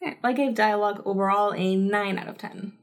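A woman's voice: mid-range voice, steady tone, brisk. A woman in her thirties co-hosting a podcast, chatting casually about a TV episode with lots of fillers and laughter. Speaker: podcast co-host. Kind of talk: casual chat reviewing a TV episode.

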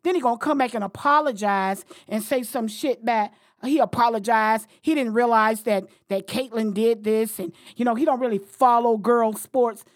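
A woman podcast host with a slightly high voice, speaking in a blunt, heated and profane way. The sound is close and dry, with no room echo. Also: normal speed, few pauses. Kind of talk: casual podcast chat.

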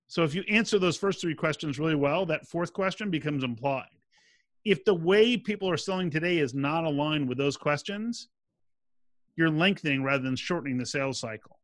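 A man's voice: on the high side, no room sound. A man answering interview questions as a sales expert, explaining methods and acting out quoted dialogue. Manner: animated, acts out quoted dialogue.

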